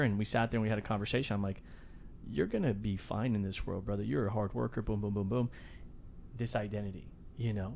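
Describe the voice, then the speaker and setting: A man hosting a podcast interview, telling animated stories and acting out quotes. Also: fairly low pitch, a little hiss or hum. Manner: animated storyteller, acts out quotes loudly. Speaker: podcast host. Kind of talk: casual interview chat.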